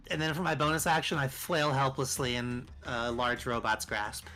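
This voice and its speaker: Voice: medium pitch, steady tone, normal speed, bright, forceful tone, soft background music. A player in a casual tabletop game, joking and playful about the turn.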